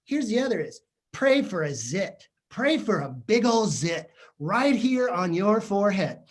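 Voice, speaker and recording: A man's voice: high-pitched, sing-song, a little slow. A man giving a humorous, chatty professional development talk to teachers, joking and poking fun at himself. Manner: jokey, chatty, self-mocking. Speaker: keynote speaker to teachers. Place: virtual session from home or office.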